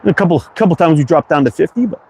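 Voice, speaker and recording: A man in his fifties from Quebec speaks English with a slight French-Canadian tinge. His voice sits a little high for a man. He chats casually with viewers on a livestream, reading their comments and often doubling up his words. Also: animated, quick pace, a little mellow, a little hiss or hum. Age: 50s. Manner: friendly, repeats words, reads chat aloud. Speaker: livestream host.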